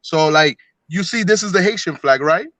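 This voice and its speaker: A man's voice: on the high side, normal speed, fairly bright tone, dry recording. A man from Colombia, co-hosting a casual sports talk show, explaining history in a chatty, rambling way. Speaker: podcast co-host.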